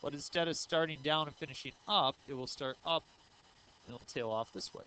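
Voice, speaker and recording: A man in his thirties teaches a math lesson in a slightly high, very bright voice. He works through each step and keeps asking the class questions, with frequent 'uh' and 'um'. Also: brisk, slight background noise, rough recording. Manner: says 'uh' and 'um' often. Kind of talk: recorded math lecture.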